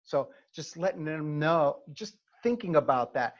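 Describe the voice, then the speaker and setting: A man's voice: fairly high pitch, measured pace. A middle-aged man, a former Army first sergeant, tells stories to advise students. He often stops to check in with "okay?". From New York. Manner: animated storyteller, frequent "okay?" check-ins. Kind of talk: conversational seminar talk. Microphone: video call. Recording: lo-fi video call audio.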